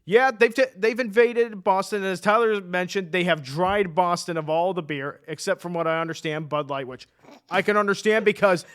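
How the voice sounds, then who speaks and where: A man's voice: high-pitched, normal speed, fairly bright tone, clean tone. A man co-hosting a casual sports chat show, enthusiastic and chatty, laughing often and restarting his sentences. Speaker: sports podcast co-host.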